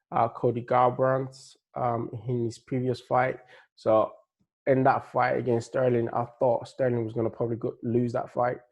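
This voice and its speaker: A man's voice: medium pitch, a little mellow, dull audio. A man giving a laid-back, rambling breakdown of upcoming fights, with a slight Nigerian-tinged accent and plenty of fillers and restarts. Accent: Nigerian-tinged English. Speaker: MMA fight analyst. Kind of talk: casual fight-prediction breakdown.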